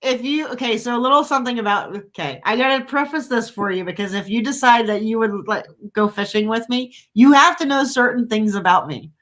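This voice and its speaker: Bright-voiced animated woman host. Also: on the high side, brisk, hardly any pauses. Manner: animated, self-mocking storyteller. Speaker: podcast host. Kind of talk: casual chat.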